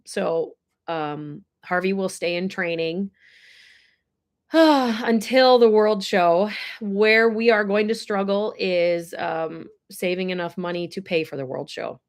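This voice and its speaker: A woman chats casually on a livestream about her horses and her plans, answering viewers' comments as they come in. She is openly emotional and teary at times, and she talks in a loose, unscripted way full of fillers. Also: medium pitch. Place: indoors with air blowing.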